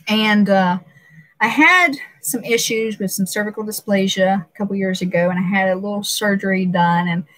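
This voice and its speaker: A woman's voice: medium pitch, fairly bright tone. A woman hosting a casual live stream, rambling and emotional, laughing often and filling gaps with "uh" and "um".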